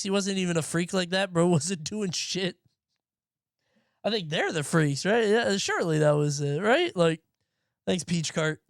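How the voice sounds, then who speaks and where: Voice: mid-range voice, dry recording, studio quality. A streamer in their thirties from the United States, chatting casually with live viewers in a rambling, profane way and laughing often.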